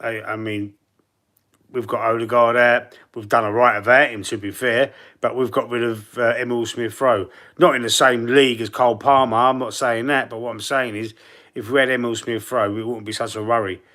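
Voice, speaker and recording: A man's voice: medium pitch, flat delivery, a little fast, fairly bright tone. A man with a Cockney London accent, chatting casually and rambling on a live football fan stream, reading out the chat.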